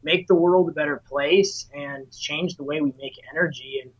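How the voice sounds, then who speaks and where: A man's voice: on the high side, moderate pace, husky. A man being interviewed as a guest, speaking earnestly and with passion about his work. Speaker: guest, solar sales dealer. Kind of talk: interview answer. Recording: slightly dull lo-fi audio.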